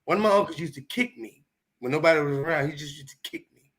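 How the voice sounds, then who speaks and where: High, bright-voiced man telling stories. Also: fast talker. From Chicago, United States. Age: 50s. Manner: animated, profane, emphatic. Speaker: comedian guest. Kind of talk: candid storytelling.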